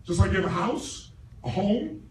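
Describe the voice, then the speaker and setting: A middle-aged man giving a live seminar speech to a large audience, forceful and profane, asking the crowd questions. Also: high voice, animated, normal speed. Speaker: motivational speaker. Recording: roomy stage recording from far off, noisy.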